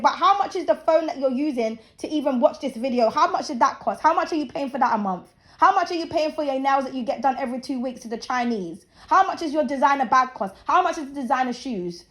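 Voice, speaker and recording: A woman in her thirties hosting her channel, ranting bluntly and profanely in a casual, preachy opinion talk. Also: sits high. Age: 30s. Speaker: channel host. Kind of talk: casual opinion rant to camera.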